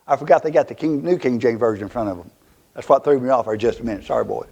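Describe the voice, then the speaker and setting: A male pastor with a Southern US accent preaching a fiery, emphatic sermon in a church, swinging from loud to hushed. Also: mid-range voice, very fast, gravelly, slightly rough.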